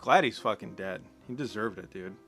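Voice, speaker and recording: Bright-voiced, exasperated ranting man. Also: mid-range voice, animated, normal speed, soft background music. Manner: exasperated, profane, sarcastic. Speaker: movie commentator. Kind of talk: ranting film commentary.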